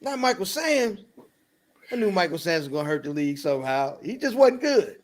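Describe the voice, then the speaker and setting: A man's voice: high voice, sing-song, a little fast. A man co-hosting a podcast in casual sports chat, loose and slangy, laughing often. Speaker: podcast co-host.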